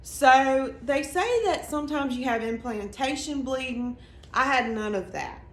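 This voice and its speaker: A young woman with a Southern US accent telling her story to camera in a chatty, earnest way, racing through some phrases and slowing right down on others. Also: sits high, lively intonation. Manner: chatty, earnest, quick bursts between slow emphatic phrases. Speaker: vlogger. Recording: echoey room with faint ambient noise.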